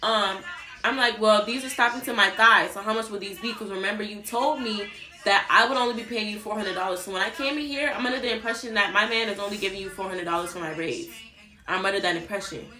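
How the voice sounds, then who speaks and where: Animated, bright-voiced young woman vlogger. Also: medium pitch, fast talker. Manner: animated, chatty, swears, addresses viewers directly. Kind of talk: casual storytime chat. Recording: roomy echo, faint background music.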